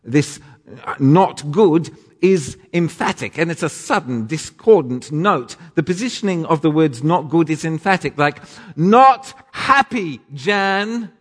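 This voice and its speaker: A man's voice: fairly high pitch, moderate pace. A man preaching a sermon with dramatic emphasis, now and then correcting himself mid-phrase. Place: church. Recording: long reverb of a church.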